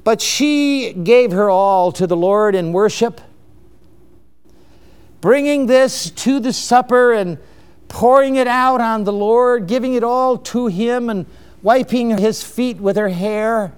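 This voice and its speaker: A man preaching a sermon, emphatic and unhurried, with exclamations and chuckles. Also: very high-pitched, smooth.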